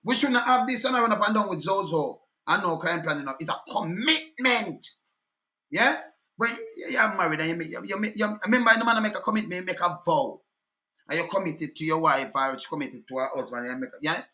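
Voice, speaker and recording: A man's voice: high-pitched, animated, fast talker, bright, forceful tone. A man with a Jamaican accent giving heated, scornful political commentary, firing rhetorical questions and replaying clips.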